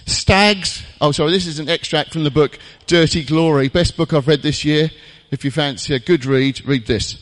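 A man's voice: fairly high pitch, big-room sound. Jokey man preaching a sermon. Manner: jokey, conversational with dramatic pauses. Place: church.

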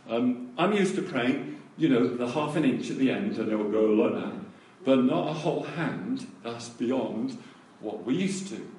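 Animated male preacher in an echoey room. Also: medium pitch, unhurried, far from the mic, slight background noise. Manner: animated storytelling, acting out quoted voices. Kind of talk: testimony story in a sermon.

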